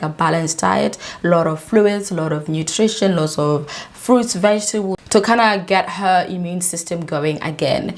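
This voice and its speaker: A woman hosting a video, narrating a true story in a casual, emphatic way with indignant asides. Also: lowish voice. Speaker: video host.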